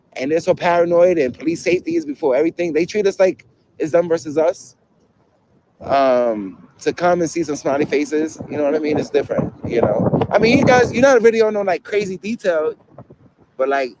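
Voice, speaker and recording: Out on a city street, a young New Yorker working as a First Amendment auditor jokes and rambles in slangy, heavily accented talk, swearing freely at the camera and the police. His voice is a little high, animated, and fairly quick, with background noise around him.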